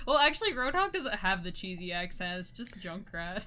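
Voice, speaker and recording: A young woman co-hosting a casual gaming podcast, laughing often and talking in quick, excited bursts. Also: mid-range voice, a little hiss or hum. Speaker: podcast co-host.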